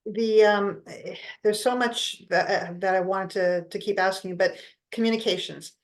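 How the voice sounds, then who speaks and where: A woman's voice: medium pitch, steady tone, normal speed. A woman lawyer hosting an interview, asking hesitant, searching questions. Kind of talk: conversational interview.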